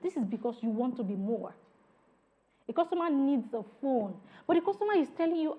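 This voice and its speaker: High-voiced woman teaching, phone-like sound. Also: expressive, brisk. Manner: emphatic, demonstrates tones by example; addresses trainees directly. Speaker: customer service trainer. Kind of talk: training lecture.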